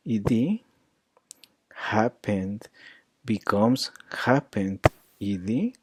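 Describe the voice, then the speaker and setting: A man teaching an English grammar lesson, saying each example word slowly and then repeating it. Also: mid-range voice, dark tone, no room sound.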